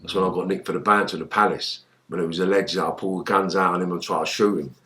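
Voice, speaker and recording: A middle-aged man, a guest in an interview, telling rough stories with heavy swearing and acting out quotes loudly. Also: deep voice, racing. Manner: animated, swears heavily, acts out quotes in a raised voice. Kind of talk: storytelling in an interview.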